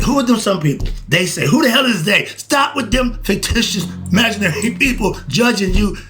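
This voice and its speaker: A middle-aged man hosts a casual spiritual talk, preaching excitably, posing questions to himself and answering them, and swinging between fired-up bursts and calmer stretches. His voice is on the high side and gravelly, with slight background noise.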